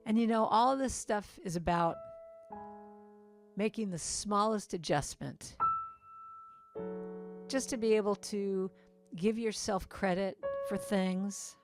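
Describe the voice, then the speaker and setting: A woman's voice: medium pitch, slow, pauses often, music in the background. A woman giving an inspirational talk at a church service, chatty and meandering, with asides to people in the audience. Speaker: guest speaker at a church service. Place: church sanctuary.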